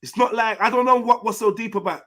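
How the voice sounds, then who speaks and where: A man hosts a heated online panel chat, blunt and full of slang and swearing. His voice sits noticeably high for a man. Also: fast, over a noisy crowd. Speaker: panel host.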